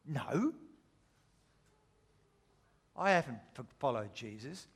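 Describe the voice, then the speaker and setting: A man's voice: fairly high pitch, big pitch swings, normal speed, fairly bright tone. A man voicing a frightened fisherman who stammers out flustered denials. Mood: panicked denial. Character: frightened male fisherman denying his friend.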